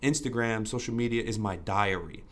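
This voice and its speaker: A man's voice: lowish voice, normal speed, a bit bright. A man as a podcast guest, talking candidly and earnestly, repeating himself with many "you know"s and casual swearing. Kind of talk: candid interview conversation.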